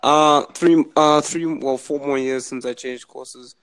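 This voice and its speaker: A young man with a Zimbabwean accent, a university student, chatting casually and telling animated stories. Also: on the high side, unhurried, clear, resonant tone. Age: young adult. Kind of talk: casual video chat.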